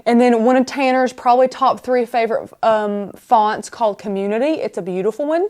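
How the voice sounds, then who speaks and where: A woman chats her way through a live craft tutorial. Her voice sits a little high, and she rambles happily from one thing to the next while she works. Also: fairly quick, a little mellow. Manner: chatty, bubbly, rambling. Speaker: host of a craft live stream.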